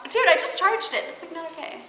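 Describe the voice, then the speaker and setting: A woman's voice: very high-pitched, fast talker, over music. A woman chatting casually with friends and laughing often, her voice pushed up by inhaled helium. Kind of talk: casual chat among friends. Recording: echoey room.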